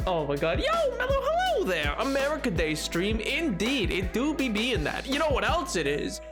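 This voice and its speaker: Lively sing-song livestream host. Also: mid-range voice, moderate pace. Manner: playful, sing-song greetings, reads chat aloud; frequent laughs and mock exclamations. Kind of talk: casual livestream chat. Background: faint music playlist.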